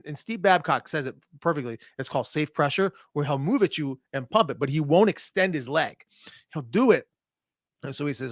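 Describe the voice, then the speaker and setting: A man's voice: fairly high pitch, no echo, studio quality. A young man from Minnesota, a point fighter guest on a podcast, telling a story in casual chat and acting out the quotes. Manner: animated storyteller, acts out quotes.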